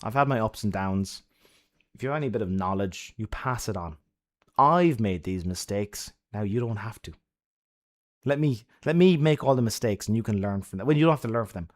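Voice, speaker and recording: A man's voice: fairly low pitch, expressive, brisk, darkish tone. A man giving friendly advice to his chat on a casual live stream, laughing often and swearing freely.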